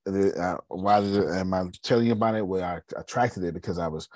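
A man's voice: deep voice, a little fast, darkish tone, dry recording. A man hosting a coaching meeting, talking in a casual, blunt style, repeating points and swearing freely while calling on listeners by name. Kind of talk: casual motivational talk.

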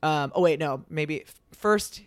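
A young man recounts a story in a loose, chatty way, slipping into the voices he quotes. His voice is smooth and clear and sits a little high. It is recorded close and dry, with no room sound. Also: a little slow, dry recording. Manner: animated retelling that acts out quoted lines, lots of fillers. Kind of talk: casual storytelling chat.

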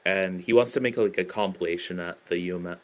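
A man with a low voice talks fairly quickly as a podcast guest, chatting casually about his band in an interview. He speaks hesitantly, with lots of fillers and restarts.

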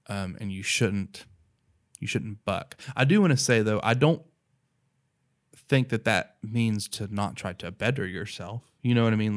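A man's voice: on the low side, clear, resonant tone. A man from North Carolina with an Appalachian accent, talking about faith in an earnest, rambling, casual way. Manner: earnest, rambling, many "you know" and "right".

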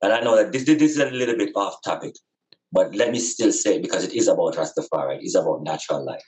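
Deep-voiced man reasoning with preacherly passion. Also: quick pace, a little mellow, low-quality recording. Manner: impassioned, repetitive, preacherly emphasis. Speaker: podcast guest. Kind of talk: earnest conversational reasoning.

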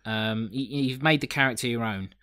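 A man's voice: medium pitch, moderate pace, a bit bright, clear, resonant tone, no room sound. Guy hosting a podcast, jokey, lots of ums and uhs, dry mic. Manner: lots of fillers, jokey, swears. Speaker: podcast host. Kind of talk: casual chat reviewing a TV episode.

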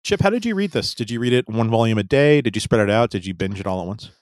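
A man's voice: on the low side, animated, fast, darkish tone, dry recording, studio quality. A man in casual conversation about a book, asking questions and analyzing how the story is told. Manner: asks probing questions, analytical.

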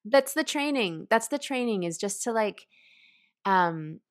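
A woman who teaches writing, explaining a creative exercise in an animated, conversational way and laughing often. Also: mid-range voice, unhurried. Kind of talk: conversational podcast interview.

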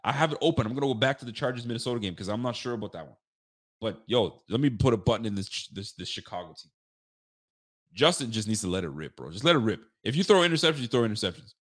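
A man's voice: fairly low pitch, lively intonation, fast talker. A man hosting a sports podcast, giving casual football picks and venting animatedly, swearing and talking straight to his listeners.

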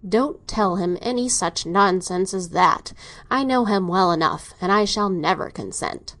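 A woman reading an audiobook, voicing a middle-aged doctor father who is domineering and speaks in a measured, dry, ironic way. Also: on the low side, a bit bright. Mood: cold.

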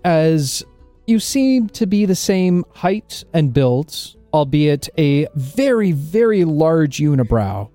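Unhurried game master with a lively voice. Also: mid-range voice, no echo, soft background music. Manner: descriptive, unhurried narration with fillers. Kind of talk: narrating a tabletop game.

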